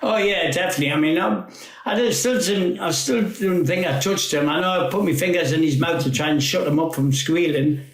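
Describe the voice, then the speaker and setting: A man's voice: fairly high pitch, brisk, hardly any pauses, echoey room. A man, telling rambling stories as a guest, laughing and swearing freely. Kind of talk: casual storytelling chat.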